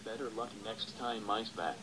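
Text-to-speech man reading a mean, crude cartoon doll; low and gruff, noisy recording. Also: normal speed, natural voice. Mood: snarling. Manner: snarling and crude. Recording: loud hiss and background noise.

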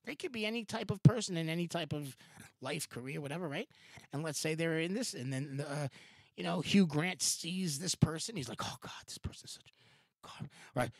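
A man's voice: fairly high pitch, normal speed, dry recording, clean studio sound. A man hosting a podcast, talking in a loose, rambling way, with many restarts and fillers, frequent swearing and laughter. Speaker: podcast host. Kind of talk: casual rambling commentary.

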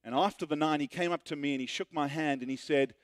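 Earnest preacher with a higher voice. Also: male voice, quick pace, dry recording, studio quality. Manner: earnest storytelling, rising then hushed. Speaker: pastor. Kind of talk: sermon.

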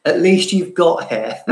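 Man, London accent with a touch of Cambridge, unhurried and a bit high, self-mocking vlogger chat. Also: lively intonation, vocal fry, a little mellow, reverberant, rough recording. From southeast London. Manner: chatty, self-mocking, laughs often. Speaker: fragrance vlogger. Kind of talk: casual chat answering viewer questions.

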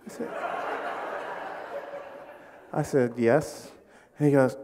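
Man, British accent, high voice, humorous sermon, echoey hall. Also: normal speed, pauses often. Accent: British English. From Britain. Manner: animated, acts out quoted voices, jokes with the crowd. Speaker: preacher. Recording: long hall reverb.

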